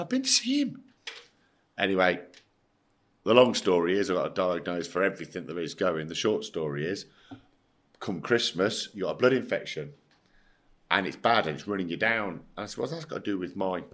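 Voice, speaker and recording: This middle-aged English former footballer, guesting on a podcast, has a very deep voice that comes across animated, a little fast, and slightly bright. Relaxed like a chat-show guest, he's blunt, emphatic, swears liberally, and mimics the people he's describing.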